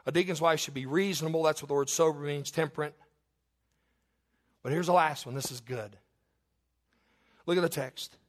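A male pastor delivers a sermon in his church with a high, bright-pitched voice. He talks in a folksy way, slipping into joking asides and growing excitable when he tells a story. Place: church sanctuary.

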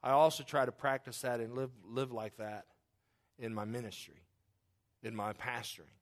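A middle-aged man, a pastor, preaching a sermon in a conversational, joking way, moving between loud outbursts and quiet confession. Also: medium pitch, steady tone, normal speed.

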